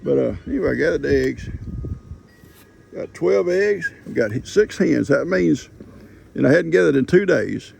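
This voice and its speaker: Gravelly older farmer chatting. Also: male voice, a little high, animated, measured pace, a little mellow, a little hiss or hum. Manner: folksy storyteller, chuckles often. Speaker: farm vlogger. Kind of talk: casual rambling chat. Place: outdoors on a farm.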